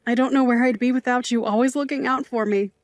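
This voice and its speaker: Woman doing a fond sassy auntie, middle-aged, high bright voice, dry close sound. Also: fairly even intonation, dry recording, natural voice. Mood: tender. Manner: playful, mock-offended, quick to tears. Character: doting middle-aged aunt, sassy bar worker. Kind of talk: audio drama acting.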